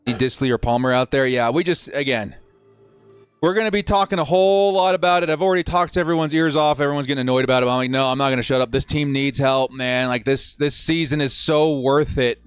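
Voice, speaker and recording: A man in his thirties hosting a live football watch party, chatting with viewers and calling plays, getting loud and fired up at big moments. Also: mid-range voice, smooth, no room sound, soft background music. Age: 30s. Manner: excitable, talks fast, shouts at plays. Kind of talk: live sports watch-along commentary.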